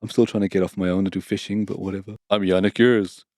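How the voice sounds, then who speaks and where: A man putting on loud, jokey, high-pitched parody voices of band members. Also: flat delivery, fast talker, no echo, studio quality, close to an everyday voice. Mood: mocking. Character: mock band members in joking accents.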